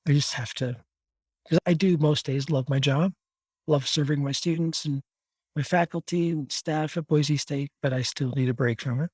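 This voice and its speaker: Guy on a video call podcast, fairly high voice, jokey, dry sound. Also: moderate pace, a little mellow, husky, no room sound. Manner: joking, self-deprecating. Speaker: university administrator on podcast panel. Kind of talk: casual chat.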